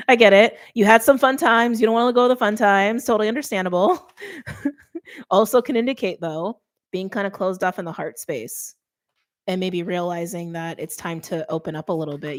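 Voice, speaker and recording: A middle-aged woman giving a casual tarot reading, chatty and thinking aloud with many fillers. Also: on the low side. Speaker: tarot reader.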